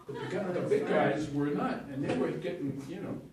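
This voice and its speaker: A man's voice: a little high, normal speed, crowd noise. A man in his seventies, a stage actor and acting teacher, telling rambling anecdotes in an interview, chuckling and correcting himself as he goes. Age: 70s. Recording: echoey room, distant mic.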